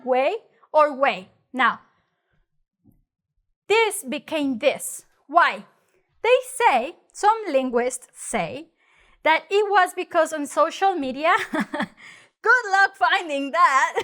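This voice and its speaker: A woman with a Mexican accent gives a loose, conversational Spanish lesson, speaking in English. Her voice sits high, and she keeps things lively by acting out the phrases she explains. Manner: chatty, animated, acts out mocking exaggerated voices. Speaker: Spanish teacher. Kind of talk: casual spoken lesson.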